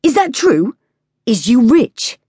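Casting: woman doing a brash teen boy mugger, high and loud, slangy and jeering. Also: big pitch swings, slow, slightly rough, dry recording, clean studio sound, heavily acted. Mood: taunting. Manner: taunting street slang. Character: cocky teenage male street mugger.

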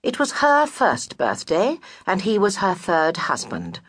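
A woman narrating a children's storybook with an expressive, wry delivery. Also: mid-range voice, a little slow, slightly rough, no echo. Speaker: audiobook narrator.

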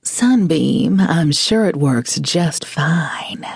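Brief: narrator doing a bold, teasing noblewoman; sultry and commanding, with a touch of fry, close and dry. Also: low voice, drawn-out words, warm tone, no echo, heavily acted.

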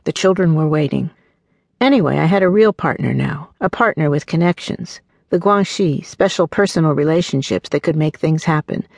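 A woman narrating her own memoir as an audiobook, telling the story in an earnest, warm way and voicing the people in it. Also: low voice, normal speed, creaky, no room sound.

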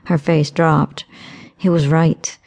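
A woman narrating an audiobook in a measured, steady way. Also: low voice, creaky.

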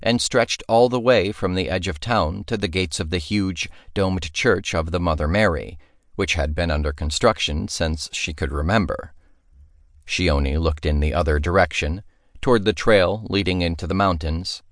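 A man narrating a fantasy audiobook in a measured storytelling manner, recorded in a studio. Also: low-pitched, dry recording.

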